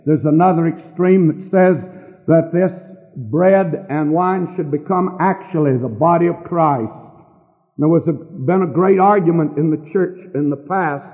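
Older man, pastor, high voice, slow deliberate sermon, tinny lo-fi sound, long hall echo. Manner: earnest preaching with emphatic pauses. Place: church sanctuary. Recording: distant hall on a tinny lo-fi recording.

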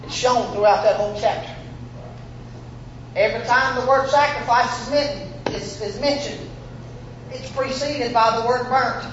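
A man preaching a fervent sermon, shouting out lines and acting out Bible figures in a folksy way. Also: very high-pitched, a little slow, long pauses, slight background noise. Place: church sanctuary. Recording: echoey room, muffled.

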